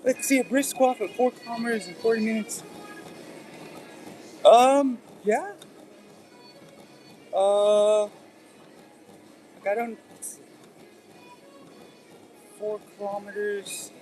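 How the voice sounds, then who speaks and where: A man's voice: high-pitched, steady tone, normal speed, pauses often, over music, low-quality recording. A man hosting a casual livestream, chatting with viewers in a rambling, easygoing way while working out on an elliptical. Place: indoors at an exercise machine.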